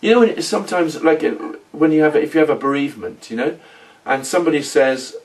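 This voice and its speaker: A middle-aged man telling his story in a rambling, halting role-play monologue. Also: fairly high pitch, recorded from a distance. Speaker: former oil company manager in a role-play.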